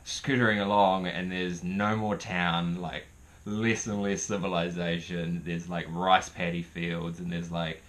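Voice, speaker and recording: A man's voice: low voice, flat delivery, measured pace, fairly bright tone. A young man telling a rambling, profane story in casual storytelling style. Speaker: vlogger.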